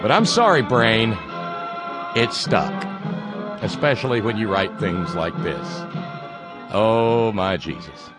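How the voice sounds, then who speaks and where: A man's voice: lowish voice, expressive, slow, long pauses, music in the background. A male talk show host who uses carnival-barker patter and mocking asides. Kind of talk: sarcastic talk show monologue.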